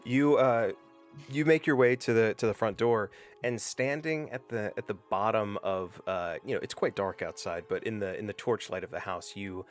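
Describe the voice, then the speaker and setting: Male game master, low voice, loose and rambling narration. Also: normal speed, soft background music. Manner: loose, rambling, with many fillers and restarts.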